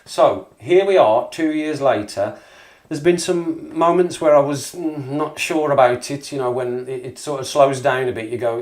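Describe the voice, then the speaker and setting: Man, Black Country accent, live-stream host, casual and jokey, middle pitch, echoey room. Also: unhurried, darkish tone. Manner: chatty, jokey, reads out viewer messages. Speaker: livestream host.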